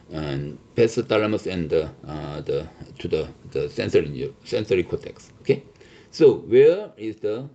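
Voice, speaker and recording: Male lecturer, emphatic, lots of "okay?", animated pitch, muffled lo-fi audio. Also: vocal fry. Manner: many fillers and restarts, repeats "okay?"; emphatic, reassuring. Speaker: teacher.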